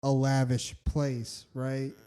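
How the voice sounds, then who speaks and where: A man's voice: mid-range voice, monotone, slow pace, dark tone, smooth. A man co-hosting a podcast, skeptical and arguing back in a laid-back, casual way. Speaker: podcast co-host.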